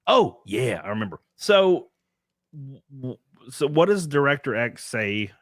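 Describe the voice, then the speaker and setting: A man hosting a podcast in a laid-back, casual way, reading out viewer comments with a swear here and there. His voice sits at a medium pitch and sounds dry, close to the mic. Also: sing-song, a little slow, a bit bright, no room sound. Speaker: podcast host.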